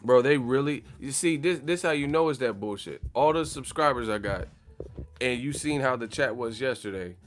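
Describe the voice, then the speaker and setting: A man's voice: mid-range voice, moderate pace. A man hosting a boxing channel livestream, chatting casually in a profane, joking, slangy way. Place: in the Bay Area, California.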